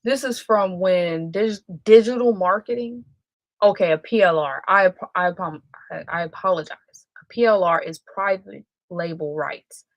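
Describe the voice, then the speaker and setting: Female livestream host, casual and self-correcting, lowish voice. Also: normal speed, no room sound, dull audio. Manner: rambling, self-correcting, chatty. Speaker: live stream host.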